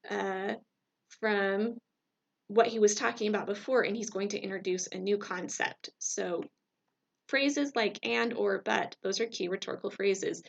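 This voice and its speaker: A woman's voice: medium pitch, creaky, muffled recording. A woman teacher talking through a recorded lecture in a conversational way, checking in with "right?" and using fillers.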